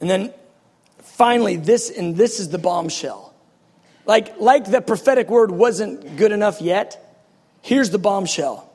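A man preaching a passionate, animated sermon, reading scripture and acting out its scenes. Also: sits high, breathy edge, long reverb tail. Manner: passionate, animated, quick bursts.

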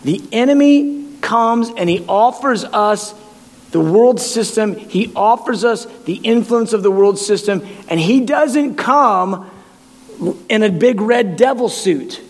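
A man's voice: sits high, animated, slow pace, in a large hall. A man preaching a sermon in an impassioned way, often stammering and repeating words as he builds his points.

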